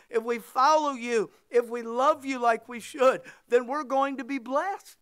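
High-voiced impassioned male pastor preaching. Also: fairly even intonation, a little slow, few pauses, a bit bright, clear, resonant tone, no room sound, studio quality. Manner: impassioned, emphatic repetition, quotes scripture. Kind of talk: sermon with closing prayer.

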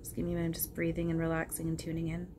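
A woman channeling spirits aloud in a soft, hesitant way, with frequent ums and casual swearing. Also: deep voice, completely flat delivery, rapid-fire, noisy background.

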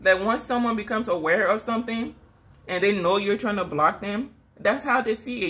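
Sassy and scolding, this woman doing a spiritual tarot reading keeps addressing the viewer as "girl" and laughs between her lines. Her voice is mid-range and a bit bright, moving at a normal speed.

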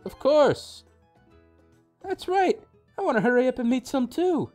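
A man voicing a cheerful, chatty mother as he reads a video game's dialogue aloud, in a bright, sing-song put-on voice. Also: very high-pitched, big pitch swings, a little slow, soft background music, voice pushed up, heavily acted. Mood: cheery.

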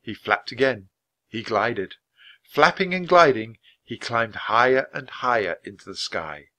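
Man storybook reader, bright and clear, measured pace. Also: mid-range voice. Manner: clear, measured, expressive reading. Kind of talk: reading aloud a children's book.

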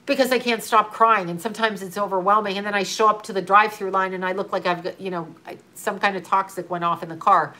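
A bright, clear-toned middle-aged woman talks straight to one listener. She speaks as a grieving mother in an earnest, urgent way, repeating her points and swearing now and then. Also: mid-range voice. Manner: earnest, urgent, repetitive coaching with occasional swearing. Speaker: grieving mother giving advice to another mother. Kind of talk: emotional casual talk to a viewer.

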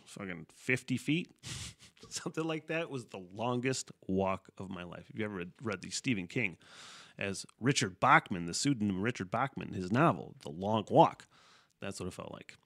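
A man's voice: fairly low pitch, expressive, normal speed, vocal fry, a bit bright. A man hosting a casual solo podcast, rambling and swearing freely, often laughing mid-sentence. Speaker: podcast host.

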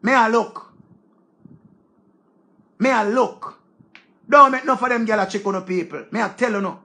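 Speaking at normal speed in a high, bright voice with a forceful tone, a Jamaican-accented man delivers a casual rant to viewers. As an online commentator, he scolds heatedly and curses freely.

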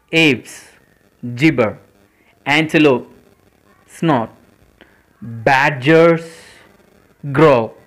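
A man hosting his own channel, reading a list of animals and their sounds one by one, slowly and deliberately. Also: on the high side, fairly bright tone, low-quality recording. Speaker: channel host. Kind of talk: educational word list reading.

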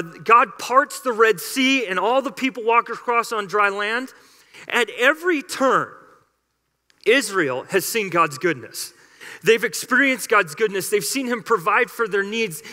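Bright-voiced pastor preaching in a hall. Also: male voice, high-pitched. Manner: storytelling, emphatic, conversational. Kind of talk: sermon. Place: church sanctuary. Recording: reverberant church hall.

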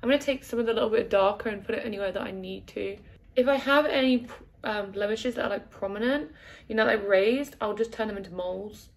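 A woman's voice: medium pitch, brisk. A young woman chatting through a makeup tutorial at home, swearing a lot and joking as she goes, recorded on her phone. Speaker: beauty vlogger. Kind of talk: casual makeup tutorial chat. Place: at home, sitting by a window. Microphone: phone camera with a mirror behind it.

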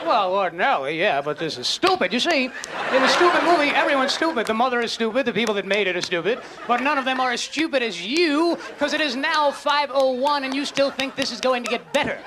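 A man doing a stand-up comedy routine on stage, incredulous and mocking, acting out voices, with loud audience laughter behind him. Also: extremely high pitch, fairly quick. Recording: live show with loud crowd and noise.

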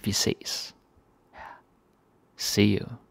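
A young man with a Danish accent, teaching a casual language lesson and repeating each word slowly for learners. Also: no room sound.

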